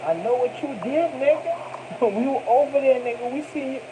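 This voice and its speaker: A man telling a rambling, laugh-filled anecdote in loose street slang, swinging between low mutters and loud shouts. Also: fairly quick. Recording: noisy, radio playing behind.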